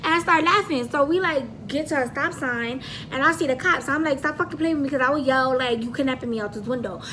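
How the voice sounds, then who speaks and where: Animated high-voiced young woman telling a story. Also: fast, background noise. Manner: animated, dramatic retelling with acted-out quotes; slangy, frequent swearing. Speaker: vlogger. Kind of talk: casual storytime vlog.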